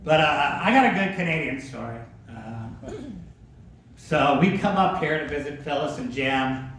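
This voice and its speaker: A man's voice: on the high side, lively intonation, measured pace, a bit bright. A man telling a laid-back, laughing anecdote about an old golf buddy, swearing freely and heard from far off in an echoey room. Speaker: storyteller remembering a friend. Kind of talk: casual anecdote. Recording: echoey room, mic from far off, ambient noise.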